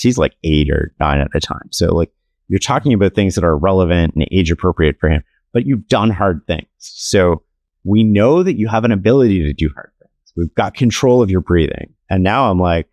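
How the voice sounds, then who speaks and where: Male author guest, low voice, dry close sound, relaxed storyteller with casual fillers. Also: no room sound. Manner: relaxed, anecdotal, many "like" fillers. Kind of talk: conversational interview storytelling.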